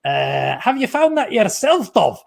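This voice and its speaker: A man's voice: high voice, very animated, unhurried, vocal fry, voice pushed up, heavily acted. A man doing a playful, over-the-top mock Glaswegian accent in a sing-song tune.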